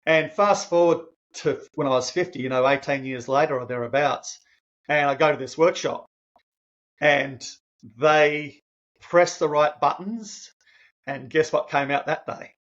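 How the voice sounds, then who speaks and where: A man in his fifties, appearing as a podcast guest, tells a personal story with earnest emotion, often restarting his phrases and growing animated when he quotes himself. His voice sits on the high side and moves at a measured pace, and the sound is lo-fi.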